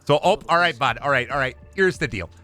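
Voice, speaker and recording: A man's voice: medium pitch, animated, fairly quick, sharp tone, faint music behind. A man voicing a relentlessly pleasant Minnesotan man possessed by a demon, in a Minnesotan accent and a raised voice. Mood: folksy. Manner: relentlessly pleasant, says bud constantly.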